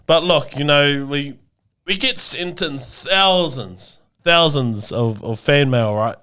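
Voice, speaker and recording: A man's voice: on the high side, slow pace, sharp tone, clean tone. A man with a New Zealand accent co-hosting a comedic podcast, brash and laddish, tossing "mate" into nearly every phrase. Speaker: podcast co-host.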